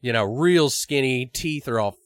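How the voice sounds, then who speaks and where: A man's voice: medium pitch, animated, unhurried, no room sound. A man rambling through a casual brainstorm. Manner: rambling, laughs often, swears freely.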